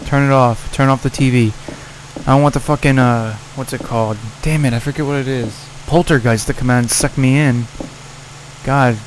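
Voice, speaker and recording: Profanity and frustration fill this man's casual let's play commentary as he yells at the game character. His voice is mid-range, and a little background noise can be heard.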